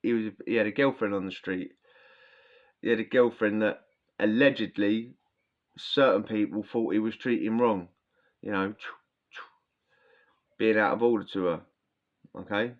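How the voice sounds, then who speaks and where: Low-voiced man telling prison stories. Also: normal speed, long pauses. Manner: rambling, slangy, restarts often. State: sore throat, coughing. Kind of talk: casual storytelling. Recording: dull lo-fi sound.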